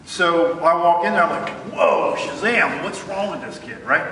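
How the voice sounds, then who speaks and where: A middle-aged man, a guest speaker, telling an animated story to an audience and acting out phone calls. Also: a little high, normal speed, slight background noise. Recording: echoey hall, mic far off.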